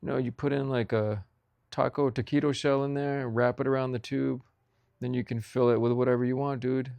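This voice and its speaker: A man's voice: mid-range voice, little pitch movement, a little fast, creaky, darkish tone, no room sound, close to an everyday voice. A man putting on a laid-back young buddy at a taco truck, talking in a surfer-style drawl full of "dude" and "man". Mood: excited.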